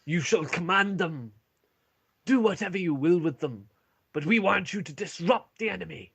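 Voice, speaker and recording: A man voicing a stern male dwarf commander who gives booming, drawn-out orders. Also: animated, gravelly, a bit bright, husky, heavily acted. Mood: commanding. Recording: lo-fi online call.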